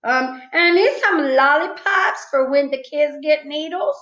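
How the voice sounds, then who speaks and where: A woman voicing a bossy, excitable kindergarten girl who whines and yells indignantly. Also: sits high, a little slow. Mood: bossy pretend. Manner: loud, whiny and indignant. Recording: echoey room, slightly dull sound.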